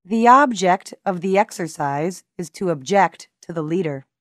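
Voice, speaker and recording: A woman reading language lesson examples in a measured way, enunciating each word carefully and pausing between words. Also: lowish voice, lively intonation, dry recording, clean studio sound. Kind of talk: slow, deliberate lesson reading.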